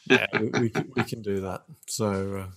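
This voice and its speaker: A man's voice: on the low side, fairly even intonation, normal speed, fairly bright tone, a little hiss or hum. A man co-hosting a podcast, asking casual, easygoing questions that ramble a little. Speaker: podcast co-host. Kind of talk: casual interview chat.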